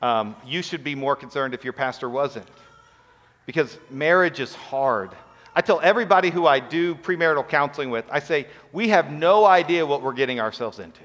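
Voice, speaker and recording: A middle-aged male pastor preaching an emotional sermon, with a voice pitched somewhat high for a man. He often drops to a hushed, near-whispered delivery. The sound rings out with the long reverb of a church sanctuary.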